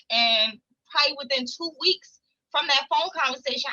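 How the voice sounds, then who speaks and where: A woman vlogger telling a personal story to her viewers in an animated, chatty way. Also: sits high, low-quality recording. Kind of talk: casual storytelling to camera.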